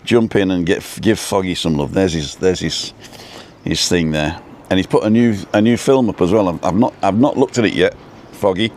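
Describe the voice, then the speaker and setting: A low-voiced man hosts a relaxed live stream outdoors at a roadside food stop. He rambles and greets viewers by name. Faint traffic and building work can be heard behind him. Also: normal speed. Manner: rambling, reads out viewer names. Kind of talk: casual live-stream chat.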